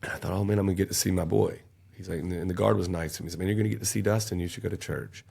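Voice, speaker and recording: A man's voice: deep voice, fairly even intonation, rapid-fire, vocal fry, darkish tone, husky. A man, telling an intense, emotional personal story as a podcast guest. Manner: intense, emotional storytelling, raising his voice at peaks.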